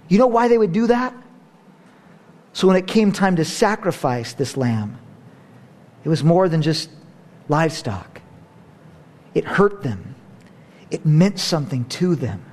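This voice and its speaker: A middle-aged man preaching a sermon, animated, swinging between hushed and loud, with playful asides. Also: fairly high pitch, measured pace, long pauses. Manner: playful asides and self-mocking humor. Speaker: pastor.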